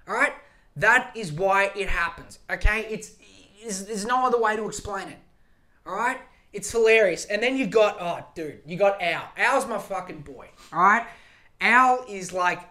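A man's voice: high voice, sharp tone. A man hosting a podcast alone, ranting in a profane, rambling, emphatic way. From Australia. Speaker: podcast host. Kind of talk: solo podcast rant.

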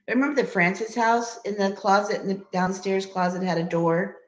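A middle-aged woman, mother of the hosts, joins as a guest for a casual chat, speaking a little fast in a mid-range voice. She's laid-back and laughs as she tells stories, and the room sounds echoey.

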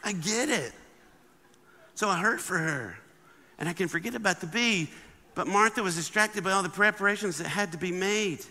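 A man giving a humorous sermon as a guest speaker, animated and acting out the people in his stories. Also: high-pitched, normal speed. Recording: long hall reverb.

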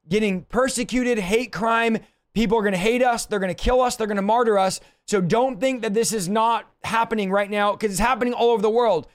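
A man with a strikingly high-pitched voice preaches on a livestream from his home office. He teaches scripture with urgency and emphasis. He drives his points hard and keeps breaking into quick asides. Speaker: pastor.

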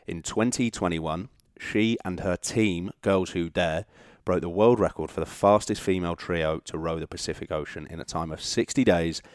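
A man's voice: deep voice, no echo, studio quality. A man hosting a podcast interview, chatty and jokey with his guest. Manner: friendly, jokey banter. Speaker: podcast host. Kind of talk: casual interview chat.

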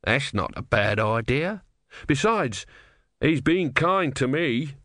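A man's voice: mid-range voice, sing-song, takes it slowly, fairly bright tone, no echo, clean studio sound, voice pushed up. A man voicing a naive, pious young male novice monk, speaking earnestly and a little hesitantly.

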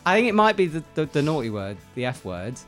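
A man's voice: a little high, sing-song, quick pace, fairly bright tone, soft background music. A young man hosting a show, bantering in a casual, self-deprecating and joking way. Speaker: show host. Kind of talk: casual studio chat.

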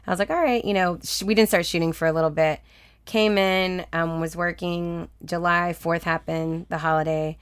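A young woman from Texas talking casually as an interview guest, telling personal stories in a chatty, animated way, laughing often and acting out what people said. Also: lowish voice, moderate pace, clean tone, dry recording, studio quality. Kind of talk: casual conversational storytelling.

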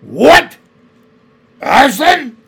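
A man voicing a cruel, imperious witch queen who shouts her words slowly and menacingly. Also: very high voice, sing-song, creaky, pitched above the performer's own voice, heavily acted. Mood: cold fury.

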